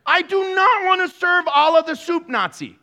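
A man's voice: extremely high pitch, expressive, normal speed, pushed and bright. A man preaching a sermon as pastor at a church service, joking through it with sarcastic, playful asides.

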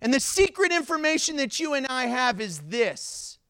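A man preaching a sermon as pastor, telling stories in an animated way, with loud, high outbursts, and joking and laughing between points. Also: moderate pace, smooth, dry recording, studio quality. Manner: animated storytelling, gets loud and high acting out scenes.

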